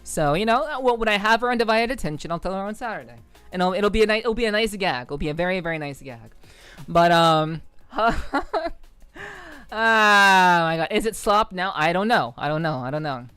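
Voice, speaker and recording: A woman's voice: medium pitch, animated, normal speed, fairly bright tone, smooth, no echo, soft background music. A woman VTuber streamer chatting casually with her viewers, repeating phrases and swearing offhand.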